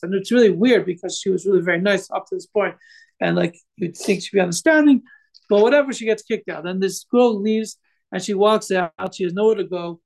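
High creaky-voiced man teaching. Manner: halting, many fillers and restarts. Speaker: Torah teacher telling a story. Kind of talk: informal religious class.

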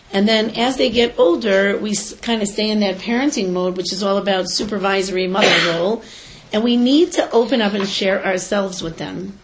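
A middle-aged woman and teacher giving earnest parenting advice in an animated conversational manner. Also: medium pitch, background noise. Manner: earnest and animated, acts out quoted voices.

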